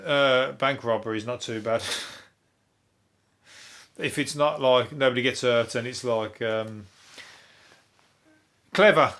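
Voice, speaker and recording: A rambling comic from rattles through the day's odd news on his own podcast. He swears freely, trips over his words and chuckles at his own jokes, and his voice sits at an everyday middle pitch. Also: creaky, a bit bright. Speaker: podcast host. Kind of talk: comedic news review.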